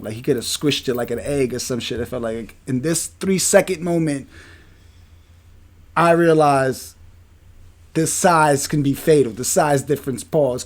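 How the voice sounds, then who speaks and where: A man, a podcast co-host telling a story in a casual, animated and profane way. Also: on the high side.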